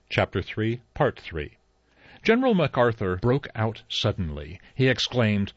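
A man narrating an audiobook in an even, unhurried storytelling manner. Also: on the low side, no echo. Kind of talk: scripted narration. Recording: slightly dull dry recording.

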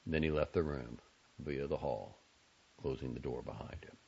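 A man narrating a novel as an audiobook, reading in a measured, expressive storytelling manner. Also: a bass voice, creaky, breathy edge, muffled recording.

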